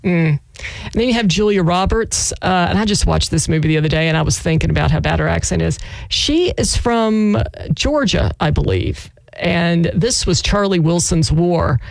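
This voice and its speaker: Chatty country radio DJ, gravelly. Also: mid-range voice, normal speed, dry recording. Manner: chatty, giggly, self-mocking. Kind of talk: casual on-air chat. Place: radio studio. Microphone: studio mic.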